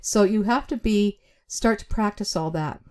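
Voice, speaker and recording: A woman teaching job interview skills to camera in a deliberate, chatty way, with emphasized words, short pauses and frequent fillers. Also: medium pitch, darkish tone. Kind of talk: instructional talk to camera.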